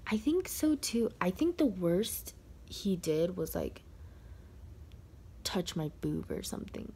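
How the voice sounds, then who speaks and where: A young woman telling a casual storytime on her vlog. She rambles, leans heavily on "like", and sometimes drops into a soft whisper. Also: lowish voice, sing-song, slow, a little hiss or hum. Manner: rambling, heavy use of "like" fillers. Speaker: vlogger.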